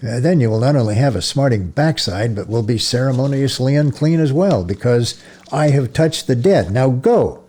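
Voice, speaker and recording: A man reading a novel aloud, voicing a grieving male priest who swings from harsh commands to gentle coaxing. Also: deep voice, very animated, moderate pace, breathy edge, exaggerated voice. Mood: shouting. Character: male priest, grieving, stern then tender. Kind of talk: audiobook character voice.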